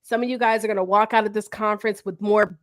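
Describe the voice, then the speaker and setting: A woman hosting a livestream, telling a story in an animated way and talking to viewers as y'all. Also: medium pitch, fast talker. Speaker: host. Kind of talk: livestream talk.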